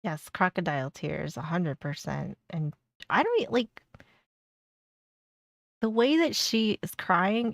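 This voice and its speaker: A woman's voice: fairly low pitch, slow pace, vocal fry, long pauses, dry recording, studio quality. A woman streamer giving blunt, sarcastic reaction commentary on a video and laughing often.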